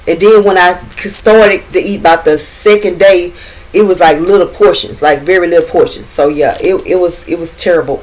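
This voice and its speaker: A woman's voice: fairly low pitch, a little fast, rough recording. A middle-aged woman telling a casual storytime vlog, talking in loose slang and swearing freely, and filling her talk with "you know what I'm saying.". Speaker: vlogger.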